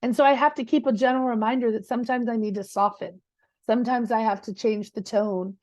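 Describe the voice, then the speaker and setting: A woman's voice: fairly high pitch, fairly even intonation, fairly quick, a little mellow, no echo. A woman coaching a live class in a direct, conversational way, often checking in with her listeners. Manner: direct, conversational, with many rhetorical 'right?'s. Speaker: real estate coach. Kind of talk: live teaching session.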